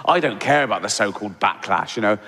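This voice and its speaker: A man's voice: lowish voice, lively intonation, fast talker. A man performing a stand-up comedy routine in a dry, mocking manner, now and then acting out voices. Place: large venue with live audience. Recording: live hall reverb, loud crowd laughter.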